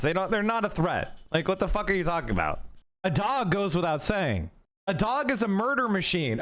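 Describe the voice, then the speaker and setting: Fast, argumentative high-voiced male streamer. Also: a bit bright. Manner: fast, argumentative, talks straight to chat. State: losing his voice. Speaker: live streamer. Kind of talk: casual live-stream chat.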